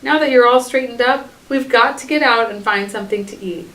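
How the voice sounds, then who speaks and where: A woman reading a storybook aloud, voicing a fussing, excitable mother hyena. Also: a little high, brisk, roomy sound, recorded from a distance, voice pushed up, lightly acted, low-quality recording. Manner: exclamatory.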